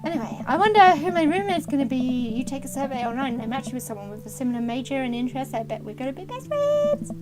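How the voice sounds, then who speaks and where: A woman voicing an excitable teenage daughter in a video game, gushing and eager. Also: high voice, fast talker, hardly any pauses. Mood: excited.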